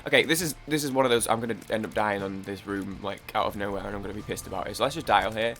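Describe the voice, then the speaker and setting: A man's voice: fairly low pitch, very fast, fairly bright tone. Rambling man gaming. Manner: rambling, self-interrupting, swears casually. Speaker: gaming YouTuber. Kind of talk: casual let's-play chat.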